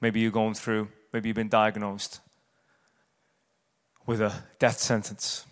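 A man's voice: on the low side, monotone, takes it slowly. Man preaching in an echoing hall. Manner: conversational, with tag questions like "yeah?". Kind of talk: sermon. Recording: echoey hall.

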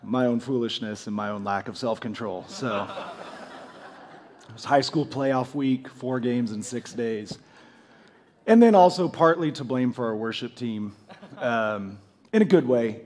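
A man, a pastor, preaching a sermon while nearly losing his voice, keeping his delivery low and mellow.

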